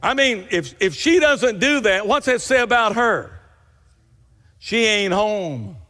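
A man's voice: sits high, expressive, slow, pushed and bright, big-room sound. A man preaching a sermon, telling folksy stories with rising emphatic bursts.

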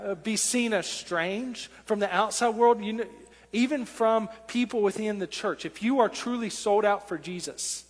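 A man's voice: high voice, long reverb tail. A man preaching a sermon in a church, earnest and building to impassioned pleading. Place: church sanctuary.

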